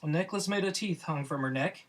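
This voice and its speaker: A man's voice: fairly high pitch, fairly quick. A man narrating a comic adventure story on a podcast, often amused by his own tale.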